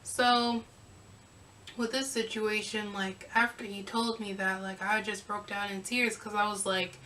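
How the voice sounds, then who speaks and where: A young woman vlogger telling a casual storytime, sassy and animated as she acts out the back-and-forth. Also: mid-range voice, unhurried, far from the mic, a little hiss or hum, low-quality recording.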